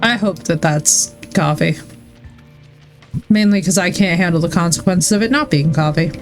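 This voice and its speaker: A woman's voice: fairly low pitch, normal speed. A woman streams from her home setup, chatting casually into a desk mic while she plays. She rambles through stories and swears freely, with faint music underneath. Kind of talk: casual chat while gaming.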